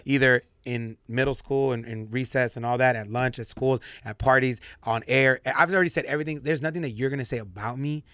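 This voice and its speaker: A young man hosting a podcast in a loose, candid chat. He talks emphatically and repeats key phrases to drive them home. His voice is bright and forward, recorded dry and close. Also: medium pitch, a little fast, hardly any pauses, clear, resonant tone, dry recording. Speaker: podcast host. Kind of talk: casual chat.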